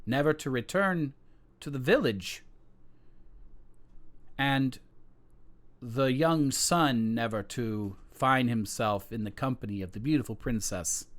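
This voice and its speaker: Slow, expressive man telling a tale. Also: mid-range voice. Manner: slow, dramatic storyteller. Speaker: tabletop game player. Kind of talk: in-character storytelling.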